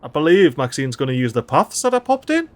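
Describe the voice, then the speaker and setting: A chatty man with a slightly high voice jokes his way through a city-building game, talking to the tiny citizens as he goes. His commentary is casual and playful. Faint game sounds play under his voice. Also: big pitch swings, fairly quick. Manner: chatty, jokey, talks to game characters. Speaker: gameplay streamer. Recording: faint game noise behind.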